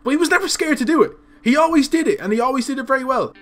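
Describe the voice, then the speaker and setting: A young man giving excited football video game commentary, shouting and laughing at goals. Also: very high voice, rapid-fire, soft background music. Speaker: gaming YouTuber.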